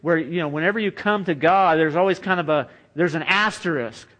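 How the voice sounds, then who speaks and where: A man's voice: fairly high pitch, fairly quick, fairly bright tone. A man preaching a sermon in an earnest, conversational way, often saying "you know" as he goes. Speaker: pastor.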